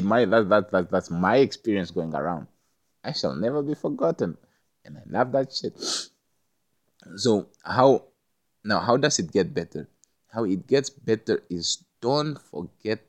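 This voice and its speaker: A man with a fairly low voice delivers a loose, rambling monologue. He stammers and repeats words, swears freely and keeps asking whether you understand him.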